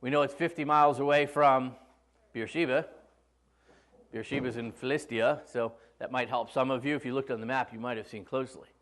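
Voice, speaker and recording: A pastor preaching a conversational sermon in church, with humorous storytelling. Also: male voice, medium pitch, steady tone, brisk, fairly bright tone.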